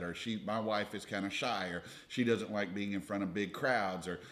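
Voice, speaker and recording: A young man co-hosting a ministry video with his wife, giving steady, earnest advice in a casual, preacher-like way. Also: lowish voice, normal speed, hardly any pauses. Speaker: ministry leader, co-host with wife.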